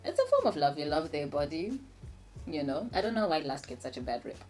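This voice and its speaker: A woman's voice: deep voice, sing-song, a little fast, darkish tone, faint music behind. A young woman co-hosting a casual chat over a meal, frank and playful, laughing often. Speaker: co-host.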